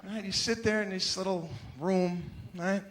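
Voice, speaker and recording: A high-voiced man performs stand-up, animated and indignant, with his rants building to outbursts. Clear background noise runs under the live recording. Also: measured pace. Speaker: stand-up comedian. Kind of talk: stand-up routine.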